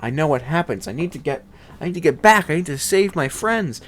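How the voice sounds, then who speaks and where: A man's voice: fairly high pitch, animated, brisk, pitched above the performer's own voice. Man doing a stranded space knight, earnest and urgent.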